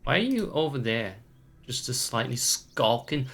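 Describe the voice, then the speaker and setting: A man's voice: mid-range voice, sing-song, measured pace, gravelly, fairly bright tone. A man streaming a puzzle adventure game, chatting casually with viewers, joking around and playing with words. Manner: playful and goofy, riffs on words and puts on silly voices. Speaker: let's play streamer. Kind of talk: casual gameplay commentary.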